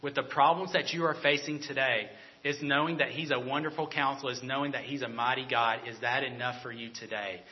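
A man preaching a sermon, animated and repeating himself, then dropping into a soft, earnest tone. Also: medium pitch, a little fast. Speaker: pastor. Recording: dull lo-fi sound.

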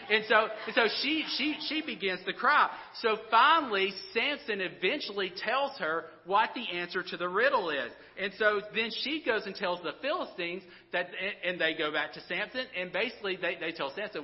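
A man's voice: sits high, animated, brisk, long reverb tail, lo-fi sound. A man preaching a sermon in a casual, conversational way, often restarting his words and checking in with the listeners. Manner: casual, conversational preaching with frequent restarts and "all right?" asides. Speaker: pastor.

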